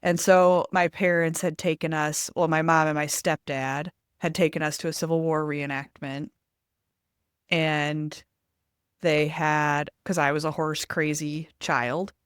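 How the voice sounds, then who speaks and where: A woman from Western North Carolina, a podcast co-host, sharing a memory in relaxed, filler-filled chat. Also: deep voice, clear, resonant tone, no room sound, studio quality. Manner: chatty, many fillers. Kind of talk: casual conversational chat.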